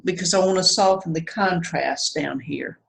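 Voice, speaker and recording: During a watercolor demonstration, a woman chats and thinks aloud as she paints, swinging between self-criticism and reassurance. Her voice is fairly low with vocal fry at a moderate pace, and the audio quality is poor.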